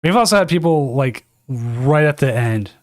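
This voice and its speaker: A man's voice: medium pitch, lively intonation, moderate pace, dry recording. Chatty male tournament caster, dry sound. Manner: chatty and rambling, self-correcting. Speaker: tournament caster and stream host. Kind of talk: casual live game commentary. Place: home casting desk.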